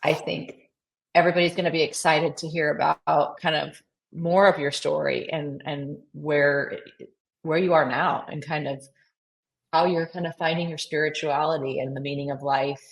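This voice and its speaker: A woman's voice: deep voice, little pitch movement, normal speed, low-quality recording. A woman co-hosting a podcast, affirming her friend, talking casually with many "I mean" restarts. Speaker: podcast co-host. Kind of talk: supportive casual chat.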